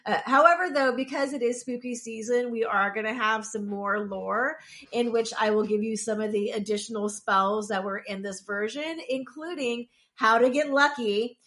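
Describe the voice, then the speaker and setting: A woman's voice: a little high, steady tone, moderate pace, fairly bright tone. A woman co-hosting a podcast, casually explaining occult lore step by step with dry asides. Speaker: podcast co-host.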